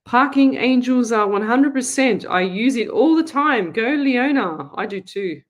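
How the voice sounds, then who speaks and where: A woman's voice: fairly high pitch, expressive, a little slow. A middle-aged woman, a psychic medium hosting a live show and chatting through viewer comments in an upbeat way. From Australia. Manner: chatty, upbeat, thinks aloud. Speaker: psychic medium radio host.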